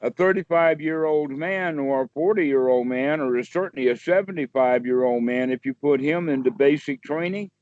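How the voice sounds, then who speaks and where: A man's voice: a little high, moderate pace, hardly any pauses, dry recording. A man, a meditation teacher, explaining in a rambling, folksy way during a casual one-on-one chat over a video call. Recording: dry, dull lo-fi call audio.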